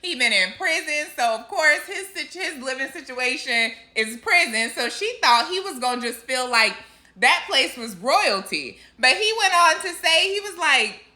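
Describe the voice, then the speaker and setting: A woman telling a story in a casual vlog. She is animated and laughs often as she goes. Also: sits high, normal speed. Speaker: Christian vlogger.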